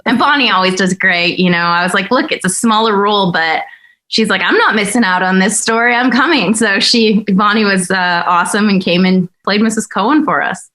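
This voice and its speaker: A woman's voice: medium pitch, brisk, bright, forceful tone. A woman co-hosting a podcast, talking in a chatty way about writing a story, with fillers and restarts. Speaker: podcast co-host and writer. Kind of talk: casual podcast chat.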